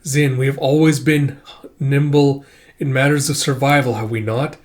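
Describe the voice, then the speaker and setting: A man voicing a sly ancient male being who speaks softly and coaxingly. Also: medium pitch, fairly even intonation, normal speed, natural voice.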